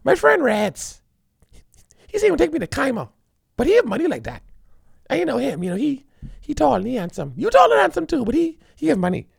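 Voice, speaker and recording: Man putting on a high coy flirting woman. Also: wildly swooping pitch, brisk, vocal fry, pauses often, dry recording, clean studio sound, full character voice. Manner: sighing, sweet-talking, coaxing.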